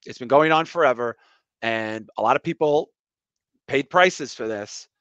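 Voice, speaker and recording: A middle-aged man hosting a podcast, chatting casually and ranting bluntly, with lots of quick agreement. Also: medium pitch, fairly bright tone, dry recording. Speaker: podcast host. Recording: dull lo-fi dry podcast audio.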